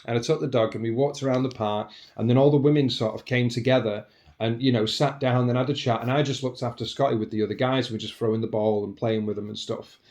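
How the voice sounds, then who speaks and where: A man's voice: mid-range voice, steady tone, fast talker, a little mellow. A man talking in a casual, reflective monologue as a podcast host, earnest and rambling, often restarting and saying "you know".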